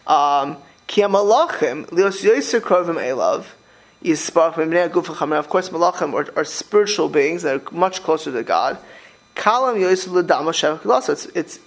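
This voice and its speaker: Fast-talking animated rabbi. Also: male voice, a little high, low-quality recording. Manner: rapid, animated, with many restarts and repeated words. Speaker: rabbi giving a Torah class. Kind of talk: informal sermon to a group.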